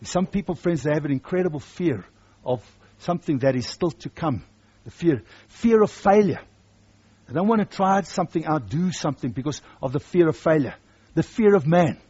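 A man's voice: fairly high pitch, lively intonation, moderate pace, dark tone, slightly rough, highs cut off. A man preaching a sermon, emphatic and repeating his key phrases for weight.

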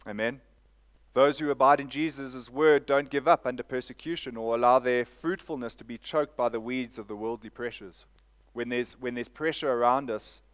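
A man preaching a sermon, repeating phrases and asking "Amen?" of the congregation. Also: medium pitch. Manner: preaching with call-and-response "Amen?" and repetition. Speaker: pastor.

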